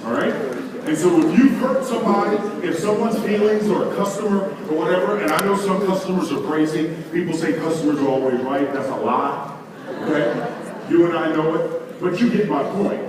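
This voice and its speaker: Male seminar speaker, animated and preachy, distant in a very echoey hall. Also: on the high side, brisk, crowd noise. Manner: animated, preachy, addresses the audience directly. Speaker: leadership conference speaker. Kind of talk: motivational seminar talk. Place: large hall with audience. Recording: echoey hall recording from far off.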